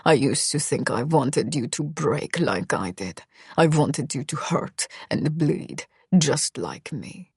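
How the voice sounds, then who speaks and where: A cold, brooding young mafia man, as a woman narrator puts him on, hissing his words low and slow through clenched teeth. The voice sits deep and unhurried, close and dry with no room around it. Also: animated, darkish tone, husky, no echo, exaggerated voice. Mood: bitter. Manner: hissing, snarling, low and menacing. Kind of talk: audiobook character voice.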